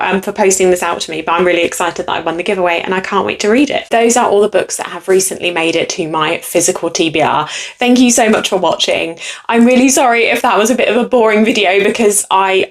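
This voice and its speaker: A young woman from the United Kingdom, chatting casually through a book haul and jumping up high when she gets excited. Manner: bubbly and excitable, gushing with sudden high squeals. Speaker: booktuber.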